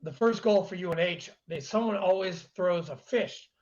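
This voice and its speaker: A man's voice: high-pitched, moderate pace, a little mellow, muffled recording. A man hosting a podcast in casual chat, joking loosely and swearing freely. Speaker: podcast host.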